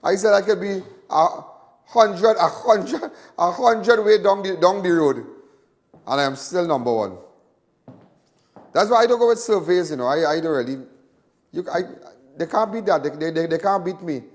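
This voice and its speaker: A man's voice: sits high, lively intonation, moderate pace. Boastful rambling Trinidadian man. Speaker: crime show host. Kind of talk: live talk show monologue.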